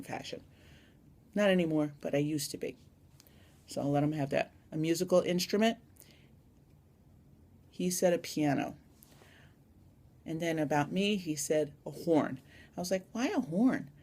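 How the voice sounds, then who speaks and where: A woman's voice: low-pitched, a little mellow. A young woman chatting casually in a vlog tag, rambling and adding little asides, recorded on a phone camera. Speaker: vlogger.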